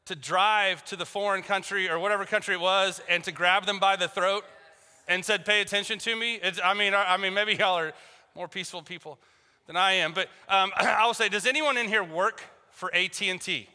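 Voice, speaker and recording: Bright-voiced pastor in a reverberant hall. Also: male voice, high voice, fairly even intonation, brisk. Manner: storytelling, joking, acts out both sides of phone calls. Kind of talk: sermon. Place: church hall.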